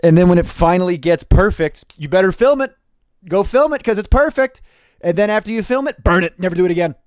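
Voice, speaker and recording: Fast-talking comedian with a brightish voice. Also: male voice, high voice, clean tone, no echo. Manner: fast, animated delivery with profane jokey asides. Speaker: stand-up comedian and video host. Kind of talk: casual comedy commentary to camera.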